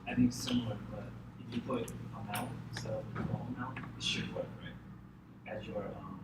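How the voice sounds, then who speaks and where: A man's voice: fairly low pitch, huge pitch swings, moderate pace, vocal fry. A man in class hesitantly offering a suggestion to the teacher. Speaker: student. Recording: distant, echoey, noisy classroom.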